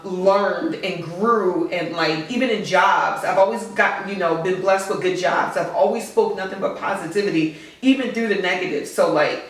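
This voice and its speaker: A woman in her forties, a podcast guest, talking in a heartfelt, earnest and outspoken way as a mother. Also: on the low side. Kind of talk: casual podcast chat. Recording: echoey room, distant mic.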